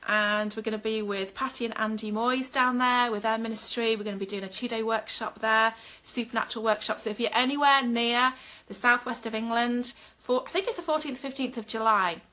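A woman's voice: fairly high pitch, steady tone, brisk, hardly any pauses, sharp tone. A middle-aged woman minister leading a live-streamed prayer session, fervent and speaking straight to viewers with frequent ums. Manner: fervent, talks directly to viewers with filler ums.

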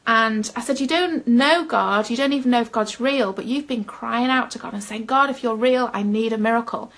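A woman's voice: on the high side, normal speed, fairly bright tone. A woman giving a personal testimony in an earnest storytelling manner, often laughing at herself. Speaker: Christian speaker.

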